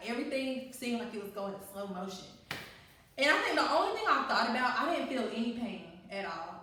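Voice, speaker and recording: A young adult woman telling a personal story to listeners in a candid, animated way, often laughing and talking straight to them. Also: a little high, recorded from a distance. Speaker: co-host. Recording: very echoey room, away from mic.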